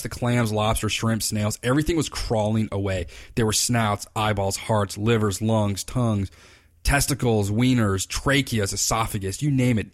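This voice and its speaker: A man hosting his own podcast, telling rambling, enthusiastic stories in casual chat. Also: fairly low pitch. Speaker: podcast host, fly fishing consultant. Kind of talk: casual solo podcast talk. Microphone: computer recording.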